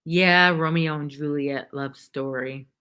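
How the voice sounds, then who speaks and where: A woman talks slowly in a rambling, chatty way while she crochets on a livestream. Her voice sits low. She greets viewers by name from her home. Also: fairly even intonation, bright, forceful tone, smooth. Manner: rambling, chatty, reads viewers' names aloud. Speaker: livestream host. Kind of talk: casual chat while crocheting.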